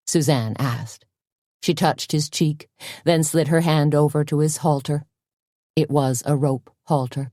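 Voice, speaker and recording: Low, mellow-voiced woman narrating. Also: normal speed, no room sound, studio quality. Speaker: audiobook narrator. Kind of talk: scripted narration.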